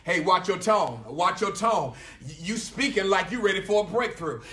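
A man, preaching a sermon as pastor in a church, emphatic and repetitive, punctuating lines with "praise God" and building to shouts. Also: high-pitched, animated, normal speed, echoey room, far from the mic, a little hiss or hum. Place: church sanctuary.

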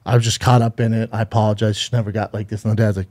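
A man co-hosting a podcast retells a story in loose, casual chat. His tone is warm and mellow. He swears freely and keeps restarting his sentences as he rambles along. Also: lowish voice, level tone, very fast. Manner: rambling, profane, with frequent restarts. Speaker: podcast co-host.

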